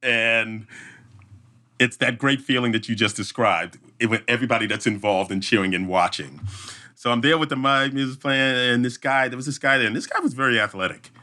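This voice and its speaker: A man who works as an event emcee, guesting on a podcast and telling an animated story with frequent restarts and hummed sound effects. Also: mid-range voice, a little fast.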